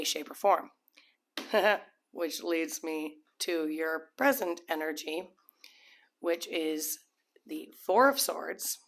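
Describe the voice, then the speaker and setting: A woman's voice: low voice, gravelly, a bit bright. A woman giving a casual, rambling tarot reading to camera, full of restarts and fillers, sometimes acting out what people might be thinking. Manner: acts out imagined people's thoughts. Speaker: tarot reader.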